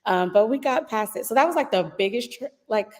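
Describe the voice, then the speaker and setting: A woman's voice: a little high, animated, a little fast, big-room sound. A woman in her thirties, a guest in a casual interview, chatty with frequent laughs and fillers.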